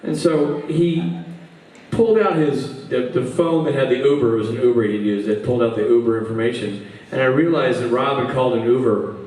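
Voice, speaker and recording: A man telling a funny story to a live audience in a casual, animated way, jumping into other people's voices. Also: fairly quick. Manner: animated, acts out a friend's drunk voice with big pitch jumps. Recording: roomy echo from far off the mic.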